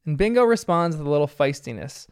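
Male recapper, casual and rambling, smooth fairly high voice. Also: big pitch swings, fast talker. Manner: chatty and rambling, heavy with filler words. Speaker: show recapper. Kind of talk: casual episode recap commentary.

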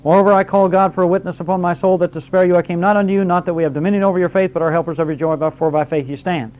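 A man's voice: high voice, steady tone, racing. A man teaching a Bible class, explaining verse by verse, reading scripture aloud and quizzing his students. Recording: dull lo-fi recording.

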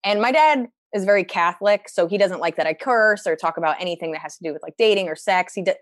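A woman's voice: fairly low pitch, fast, no room sound, clean studio sound. A young woman comedian telling stories about her family in a casual chat, full of fillers and quoted asides. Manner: chatty, lots of fillers, animated quoted asides. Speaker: stand-up comedian, guest. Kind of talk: casual conversational storytelling.

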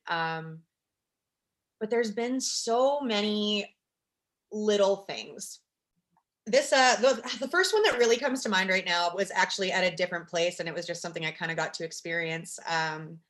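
A woman's voice: on the low side, a bit bright. Chatty young woman telling a story. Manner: chatty, fillers like "like" and "you know". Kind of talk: casual storytelling chat.

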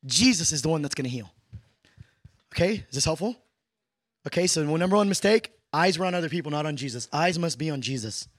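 A man preaching in a conversational teaching style, animated and playful with quick asides to his listeners. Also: on the high side, no echo, studio quality. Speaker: preacher teaching a class on prayer.

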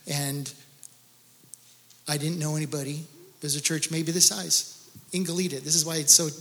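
A man's fairly high, fairly bright voice trails off into long reverb as he speaks as a guest at a church gathering. Telling his own faith story in an earnest, storytelling testimony sermon, he builds to intense emphasis.

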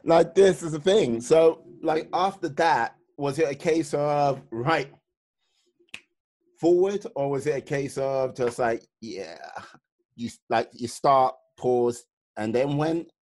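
A podcast host asking slow, drawn-out questions in a conversational interview and laughing along. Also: mid-range voice, darkish tone.

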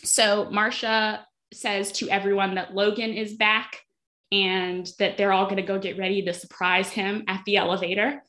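A woman podcast host casually recapping a TV episode, telling it in a lively way with acted-out quotes. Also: medium pitch, moderate pace. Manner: animated storytelling, acts out quotes.

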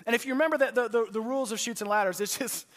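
Male pastor, middle-aged, tenor-high voice, lively sermon with call-and-response. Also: rapid-fire. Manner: animated call-and-response, emphatic repetition. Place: church hall with congregation.

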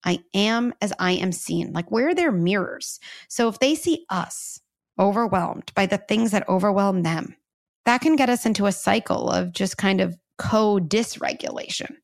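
A woman's voice: medium pitch, expressive, normal speed, vocal fry. A woman guest explaining parenting ideas in an earnest, conversational way, with frequent "like" and "you know". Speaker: guest, parenting expert and author. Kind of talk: conversational interview.

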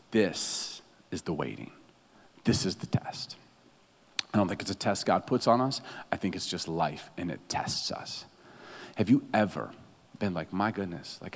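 A man preaching a sermon as a pastor, animated and humorous, laughing often as he talks. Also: fairly low pitch, breathy edge, long reverb tail.

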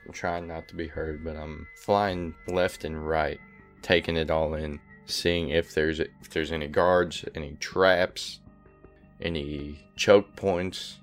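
A man playing his character at a tabletop game, speaking in a halting, hesitant way. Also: extremely low pitch, flat delivery, faint music behind. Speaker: player.

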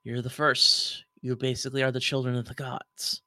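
A man voicing an ancient, weary guardian being who speaks slowly and softly. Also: medium pitch, level tone, no room sound. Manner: slow, soft, world-weary, dry.

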